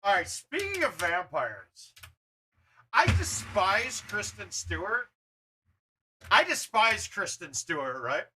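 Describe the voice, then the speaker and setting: A man hosting a gaming livestream, chatting casually, loud and blunt, swearing freely. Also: high-pitched, huge pitch swings, slow, long pauses, background noise. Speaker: livestream host.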